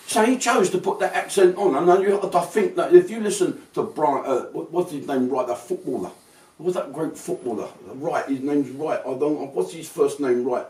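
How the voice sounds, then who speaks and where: A man's voice: mid-range voice, a little mellow, distant mic. Rambling older man, roomy sound. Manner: swearing, rambling, slips into put-on voices. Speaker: comedian telling stories. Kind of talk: casual anecdotal storytelling. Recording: roomy, from off-mic.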